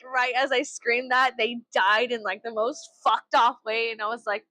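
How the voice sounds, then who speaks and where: A woman's voice: fairly high pitch, a little slow, bright, forceful tone, no echo. Profane rambling woman, dry close sound. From United States. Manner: rambling, profane, filler-heavy with frequent "like". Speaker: vlogger. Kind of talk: casual chat to camera.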